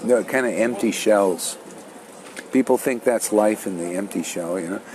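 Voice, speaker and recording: A man's voice: lowish voice, normal speed, a little mellow, a little hiss or hum. An older man, telling his spiritual story in a rambling, casual way with many restarts. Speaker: spiritual teacher.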